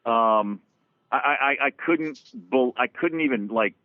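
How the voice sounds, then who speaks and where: A man, a guest drummer, tells road stories in an animated, casual way, swearing freely and restarting his sentences. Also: mid-range voice, unhurried, no echo. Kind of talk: casual storytelling interview. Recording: dry, phone-like lo-fi sound.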